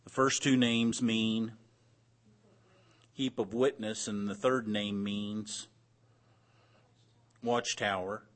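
Slow low-voiced man teaching Bible class. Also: level tone. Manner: asks the class questions and repeats their answers.

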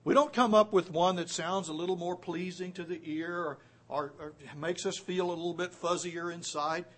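Male pastor, high-pitched, emphatic sermon delivery with big dynamic swings. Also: steady tone. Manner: emphatic preaching with wide swings in loudness; reads scripture aloud, slows for key phrases.

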